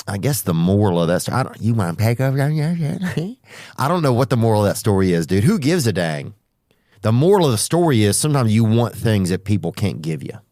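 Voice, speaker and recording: A man's voice: fairly low pitch, darkish tone, no room sound, clean studio sound. A man hosting a podcast, telling comic stories in a rambling way with restarts and asides. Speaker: podcast host. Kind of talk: comedic storytelling monologue.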